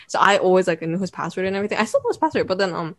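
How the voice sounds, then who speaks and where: A teenage girl co-hosting a podcast, animated in casual chat and steering it to the next topic. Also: on the low side, rapid-fire. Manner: animated, moves the talk along. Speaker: podcast co-host.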